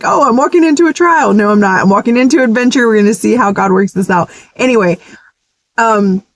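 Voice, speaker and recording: A woman's voice: medium pitch, no room sound. A woman sharing a casual, earnest testimony in a vlog, chatty and emotional. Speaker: ministry vlogger.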